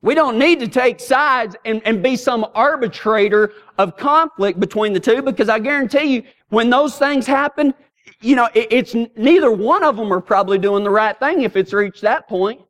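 Speaking at a moderate pace, this middle-aged preacher has a very high-pitched voice and delivers a storytelling sermon rich in humorous, homespun anecdotes.

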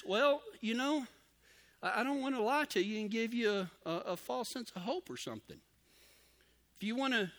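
A man's voice: high-pitched, pushed and bright. A man preaching a sermon in a folksy, emphatic way, with cowboy slang and key phrases repeated for emphasis.

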